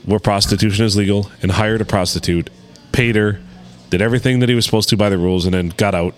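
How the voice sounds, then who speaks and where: A man's voice: on the low side, fast talker. A man co-hosting a podcast, joking in casual banter. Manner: joking, animated, breaks into silly whispered bits. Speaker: podcast co-host. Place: indoor studio.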